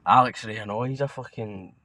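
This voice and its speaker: A man's voice: lowish voice, a little fast, vocal fry, sharp tone, no room sound. A young Scottish man co-hosting a podcast, chatting casually about football in a blunt, sweary, rambling way. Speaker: podcast co-host.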